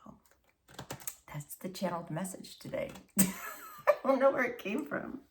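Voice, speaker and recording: A woman's voice: mid-range voice, animated, a little slow, recorded from a distance, background noise. A woman giving a channeled tarot reading, intimate and emotional, often dropping to a whisper and calling listeners honey and baby. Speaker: tarot reader.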